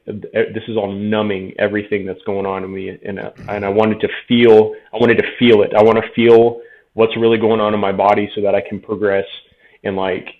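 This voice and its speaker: A man in his thirties, a veteran guest telling his story frankly in a casual interview, often quoting himself. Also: lowish voice. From Tucson, Arizona. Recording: tinny phone-like audio.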